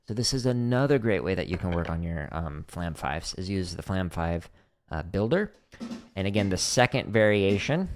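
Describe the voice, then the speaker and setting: A middle-aged man hosting a drum practice livestream, chatty and explaining exercises step by step with casual fillers. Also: low voice.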